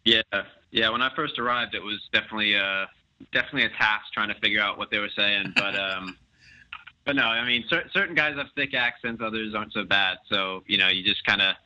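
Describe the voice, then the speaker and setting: A young man with an American accent with some British influence, giving modest, halting interview answers full of fillers, heard over a dull lo-fi line. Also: lowish voice, bright, forceful tone. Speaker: guest professional soccer player.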